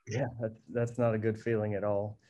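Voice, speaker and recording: A man in his thirties, a guest on a podcast, talking in an earnest, reflective and measured way. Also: fairly low pitch, level tone, warm tone, lo-fi sound. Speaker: guest attorney. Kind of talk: casual podcast interview.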